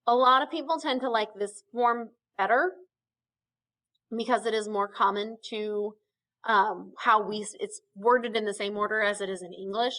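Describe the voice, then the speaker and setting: A woman's voice: medium pitch, steady tone, normal speed, pushed and bright. A woman teaching a Spanish grammar lesson in a recorded video, explaining patiently step by step and checking in with frequent okays.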